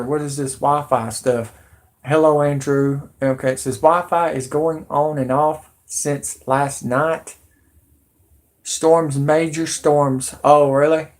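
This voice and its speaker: A man's voice: on the high side, echoey room. A man ranting to his viewers on a livestream, rambling and swearing freely, calling them folks and y'all. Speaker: conspiracy vlogger.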